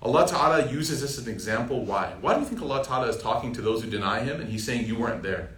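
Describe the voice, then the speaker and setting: A young man leads an informal Quran reflection class with a lively, joking delivery and keeps throwing questions at his listeners. His voice sits at a middle pitch. The sound is roomy and picked up from a distance, with a faint ambient hum behind it. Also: fast talker. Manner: lively, jokey, asks the audience questions. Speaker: Islamic teacher.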